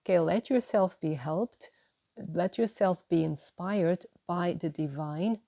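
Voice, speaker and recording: A woman giving a gentle, encouraging tarot reading to her viewers, often checking in with "right?" and "you know". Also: on the low side, takes it slowly, dry recording. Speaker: tarot reader.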